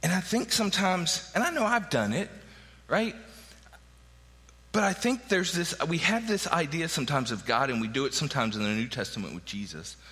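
A man in his forties preaches a sermon in a casual, conversational way, checking in with the congregation as he goes. His voice is bright and lively, rising and falling a lot, and it rings out with a long reverb through the sanctuary. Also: on the high side, moderate pace. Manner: conversational preaching with frequent "right?" asides. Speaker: pastor.

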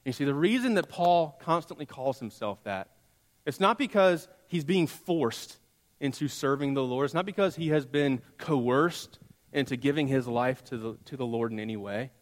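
A man preaching a sermon as pastor, telling a story with dramatic pauses and soft drops. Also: mid-range voice, expressive. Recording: long hall reverb.

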